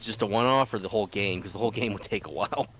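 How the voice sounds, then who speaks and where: Fast-talking low-voiced man, dry remarks. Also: fairly bright tone. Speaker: gaming streamer. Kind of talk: casual chat while playing. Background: game music.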